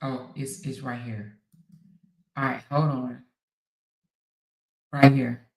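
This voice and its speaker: A woman hosting a casual livestream, talking straight to her viewers in an animated, incredulous way. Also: very deep voice, slow, vocal fry, rough recording. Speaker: livestream commentary host.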